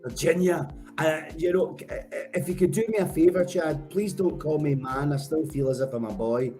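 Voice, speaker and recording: A man's voice: fairly high pitch, normal speed, warm tone, soft background music. A man with a Scottish accent hosting a live show, chatty and jokey, often correcting himself as he rambles. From Scotland. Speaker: host.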